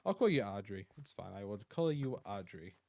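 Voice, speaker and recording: A man's voice: fairly low pitch, sing-song, moderate pace, vocal fry, a little mellow, no room sound. A tired Australian man chatting casually on a live stream, rambling and reading out chat messages. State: tired, yawning.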